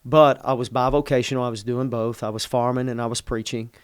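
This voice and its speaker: The voice is a man's, mid-range and resonant, clear, with little pitch movement and a quick pace. He's a middle-aged pastor telling a personal story conversationally, earnest and emotional, frequently restarting what he says. The audio is clean studio quality without echo.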